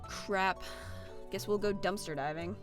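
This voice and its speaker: A woman's voice: mid-range voice, measured pace, music in the background. A young woman streamer chatting casually while playing, reading viewer comments aloud with a playful, filler-heavy way of talking. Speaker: gaming streamer.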